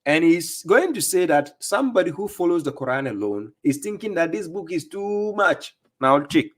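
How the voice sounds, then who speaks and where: Scornful, lecturing man, fairly high. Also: big pitch swings, normal speed. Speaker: livestream host reacting to clips. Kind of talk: mocking religious commentary.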